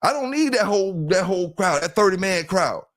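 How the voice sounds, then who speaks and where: High-voiced talkative Southern man. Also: expressive, brisk, a bit bright. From South Carolina. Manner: loose and talkative, keeps saying "you know what I'm saying", greets chat members. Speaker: livestream host. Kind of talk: casual livestream talk.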